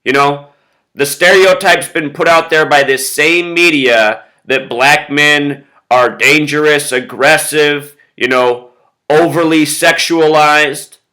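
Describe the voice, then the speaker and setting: A man's voice: fairly high pitch, steady tone, takes it slowly, bright, forceful tone, rough recording. A man talking straight to his viewers in a casual monologue, emphatic, with lists of repeated words and frequent "you know". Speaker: video blogger.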